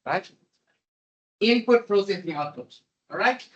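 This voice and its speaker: A man giving a classroom programming lecture, animated and repetitive as he coaxes his students along. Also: high voice, measured pace, lo-fi sound. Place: lecture room. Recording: voice distant from the mic.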